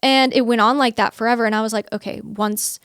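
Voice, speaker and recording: A woman's voice: on the high side, fairly even intonation, quick pace, a bit bright, no room sound, studio quality. Earnest young woman telling her story. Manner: earnest, chatty, quotes herself, laughs often. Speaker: guest. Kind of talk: candid interview storytelling.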